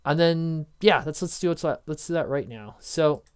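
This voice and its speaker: Hosting a casual coding tutorial captured as a screen recording, a man rambles through his notes with jokes on the side and frequent self-interruptions. His voice is fairly high and smooth, at a normal speed.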